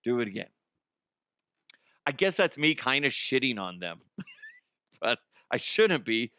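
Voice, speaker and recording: A man's voice: mid-range voice, very animated, measured pace, bright, forceful tone, smooth, no room sound, studio quality. Profane sarcastic man ranting sports. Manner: profane, sarcastic, laughs at own jokes; mocking impressions of fans and players. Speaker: sports talk show host. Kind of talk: casual sports talk rant.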